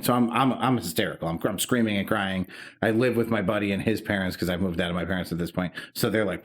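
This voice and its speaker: A man's voice: sits low, fast talker. A man in his thirties co-hosting a podcast, telling an emotional story in casual, profane chat. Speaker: podcast co-host.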